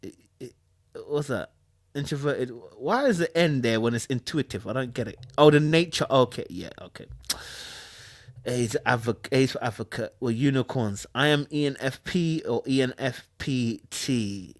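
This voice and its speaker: A young man hosting a casual livestream, reading comments from his chat. He talks in slang, gets excitable and laughs often. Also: mid-range voice, normal speed, dry recording, studio quality. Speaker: livestream host.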